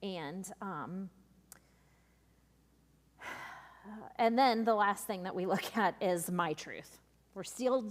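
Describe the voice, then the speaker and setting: A woman youth leader giving a workshop talk, chatty and full of ums and asides as she tells stories. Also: mid-range voice. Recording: long reverb of a large room.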